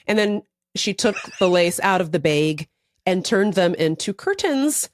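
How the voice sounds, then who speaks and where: A woman's voice: on the low side, big pitch swings, unhurried, no echo. A woman co-hosting a podcast, telling a story animatedly in casual chat, acting out quotes and laughing often. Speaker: podcast co-host.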